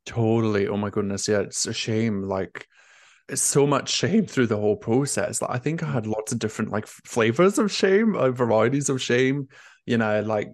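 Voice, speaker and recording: A man's voice: mid-range voice, lively intonation, normal speed, no room sound, studio quality. A young man, a nurse turned career coach, talking openly and emotionally in an interview, with lots of "like" fillers. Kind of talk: candid conversational interview.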